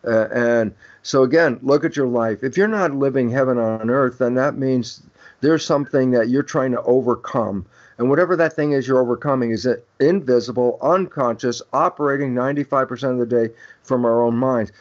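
A man's voice: mid-range voice, normal speed. An older man, a guest expert on a podcast, explaining his ideas in an emphatic lecturing way and acting out quoted dialogue. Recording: dull lo-fi audio.

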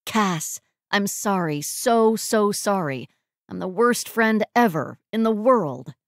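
A woman's voice: medium pitch, a little slow, no room sound, clean studio sound, lightly acted. A woman voicing a dramatic, emotional young man who is head over heels in love. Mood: gushing.

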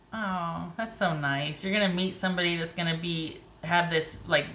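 A woman giving a casual, chatty tarot reading, encouraging and quick to laugh and exclaim. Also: lowish voice, sharp tone, echoey room. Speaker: tarot reader.

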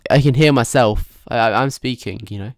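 A man's voice: medium pitch, normal speed. A young man chatting jokily to his viewers while commentating a live game stream. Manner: chatty, jokey, talks to viewers.

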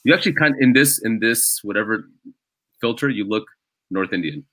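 A man in casual podcast conversation spins lively, self-mocking stories about his stand-up gigs. His voice sits a little low but sounds bright and forward. It is recorded dry and close, with no room sound around it. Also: a little fast, no room sound, low-quality recording. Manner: animated storytelling with self-deprecating jokes. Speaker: comedian guest.

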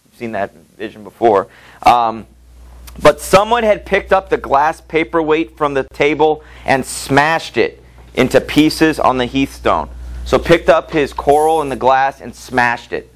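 In a low-quality recording, a male teacher with a medium-pitched, lively voice gives a literature lecture at a measured pace. He reads passages aloud and asks the class rhetorical questions conversationally.

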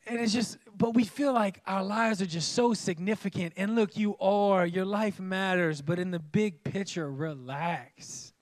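High-pitched animated male pastor preaching. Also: a little slow, few pauses, dry recording. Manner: animated and comic, acting out voices. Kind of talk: sermon.

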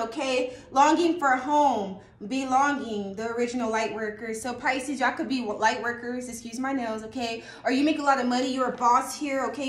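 A woman reading tarot in a casual, excitable way, laughing often and breaking into bits of song. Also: on the high side, reverberant. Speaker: tarot reader.

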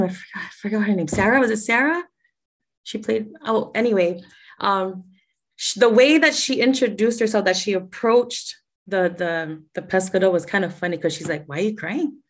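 Gravelly-voiced woman, chatty and laughing. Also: medium pitch. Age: young adult. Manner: chatty, laughs often, restarts sentences. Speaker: voice actor. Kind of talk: casual video call chat.

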